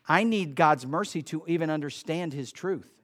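A man preaching a sermon in church, swinging between loud emphasis and quiet asides. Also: on the high side, moderate pace. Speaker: pastor. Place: church sanctuary.

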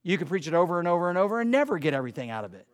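Preaching man with a high voice. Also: very animated, racing. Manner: preachy, shifts between loud emphasis and quiet asides. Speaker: pastor. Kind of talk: sermon. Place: church sanctuary.

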